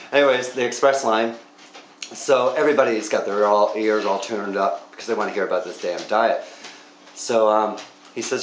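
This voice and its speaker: A man's voice: fairly low pitch, a little fast, a little hiss or hum. A man hosting a casual vlog, telling stories with wry jokes and laughing at his own punchlines. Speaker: vlog host. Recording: roomy echo.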